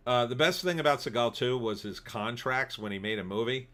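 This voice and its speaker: A man's voice: mid-range voice, fairly quick, hardly any pauses, a bit bright. A man hosting a livestream, rambling casually as he reads viewer comments. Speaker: livestream host. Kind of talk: casual commentary reading chat.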